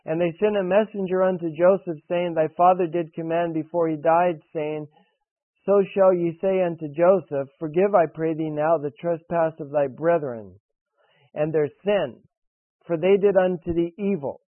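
A man's voice: on the high side, moderate pace, no echo. A man preaching a sermon and reading scripture, earnest and direct, pressing questions on his listeners. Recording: tinny, dry radio broadcast.

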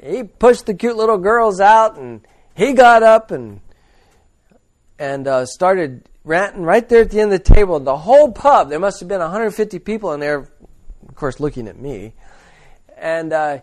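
A man's voice: on the high side, lively intonation, moderate pace. A man preaching in a casual way, telling a long rambling anecdote with frequent chuckles and blunt asides. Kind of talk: informal storytelling sermon.

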